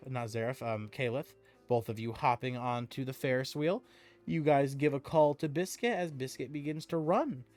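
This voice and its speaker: Man narrating as game master. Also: medium pitch. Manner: descriptive with frequent restarts and laughter.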